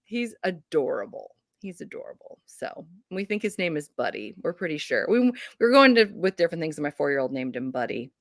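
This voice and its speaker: A woman in her thirties hosts a friendly chat, spinning animated anecdotes. Her pitch swings widely from line to line. The sound is dry and close, with no room echo. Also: fast talker, few pauses. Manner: animated storyteller, acts out voices with laughs. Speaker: host. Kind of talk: casual chat.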